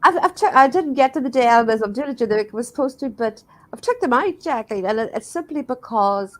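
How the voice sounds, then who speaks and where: A woman's voice: a little high, lively intonation, quick pace, low-quality recording. An older Scottish woman telling stories in casual chat on a video call, acting out the voices of the people she quotes. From Scotland. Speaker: paranormal investigator guest.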